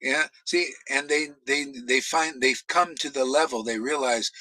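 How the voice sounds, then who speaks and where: A man preaching a confrontational, profane sermon, shouting challenges at his critics. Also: medium pitch, moderate pace, few pauses, no echo, rough recording.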